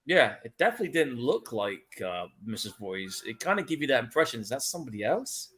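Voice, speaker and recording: Expressive man doing casual movie commentary. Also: medium pitch, quick pace. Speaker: podcast co-host.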